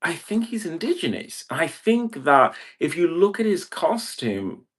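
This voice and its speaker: A man's voice: fairly high pitch, big pitch swings, unhurried, slightly rough. A man from Brazil talking in a meandering livestream monologue, packing nearly every phrase with "like" and other fillers. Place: indoor room.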